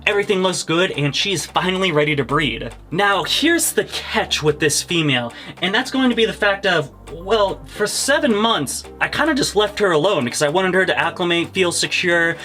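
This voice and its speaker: Brief: young man, upbeat reptile vlogger, slightly high voice, faint music underneath. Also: normal speed, few pauses. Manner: excitable, laughs often, swears casually. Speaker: reptile breeder and channel host. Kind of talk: casual handheld vlog.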